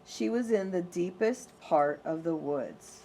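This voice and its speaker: A woman who teaches preschoolers, reading a storybook aloud and teaching a lesson in a slow, gentle, expressive way. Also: fairly low pitch.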